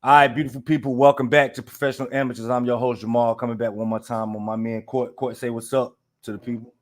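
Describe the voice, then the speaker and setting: A man's voice: medium pitch, level tone, quick pace. Laid-back male podcast host. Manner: loose and rambling, talks to listeners directly. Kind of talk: casual podcast chat.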